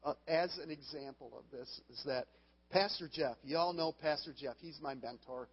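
A man's voice: a little high, normal speed, slightly rough. A man preaching a sermon as pastor, earnest and given to laughing at his own stories and restarting phrases. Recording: long hall reverb, dull lo-fi sound.

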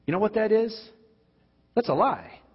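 A man preaching a sermon, asking emphatic rhetorical questions and dropping at times to quiet, intense tones. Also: very animated, a little slow, husky. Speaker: pastor. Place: church. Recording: dull, boomy hall sound.

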